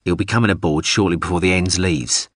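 A man reading a story, voicing a cautious, guarded man in a low-key way. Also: a little fast, fairly bright tone, no echo, studio quality. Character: guarded man in disguise, quietly wary.

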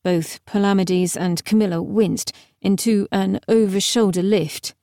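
This is a scripted audiobook reading by a woman whose voice sits in the mid-range. She delivers it in a measured, expressive style, recorded at studio quality without any room sound.

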